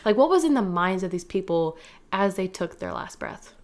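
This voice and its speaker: A woman's voice: mid-range voice, sing-song, moderate pace. A young woman co-hosting a podcast, talking things through casually in a thoughtful, hesitant way with many fillers. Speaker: podcast co-host. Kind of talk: casual chat.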